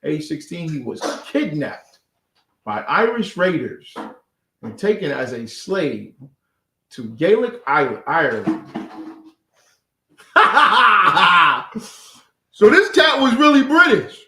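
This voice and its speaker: Animated, mocking man in echoey room. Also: a little high, slow, pauses often, a little hiss or hum. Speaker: class leader. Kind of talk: informal scripture class.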